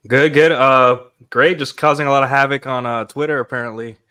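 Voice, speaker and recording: Smooth upbeat man. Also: mid-range voice, fairly even intonation, brisk, bright, forceful tone. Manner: upbeat, pleased with himself. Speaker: livestream guest. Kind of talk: casual livestream chat.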